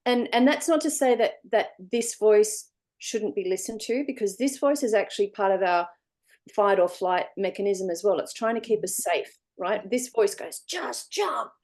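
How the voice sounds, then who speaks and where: Aussie woman guest on a video call, warm mellow voice, acts out little voices as she talks. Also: medium pitch, normal speed. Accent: Australian. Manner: animated storyteller acting out voices. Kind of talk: online interview.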